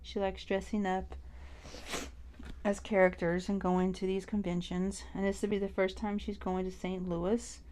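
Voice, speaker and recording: A woman in her forties, a cross stitch vlogger, chats casually about her stitching projects while she stitches, rambling and full of fillers. Her mid-range voice is mellow and flat, at a measured pace, with slight background noise.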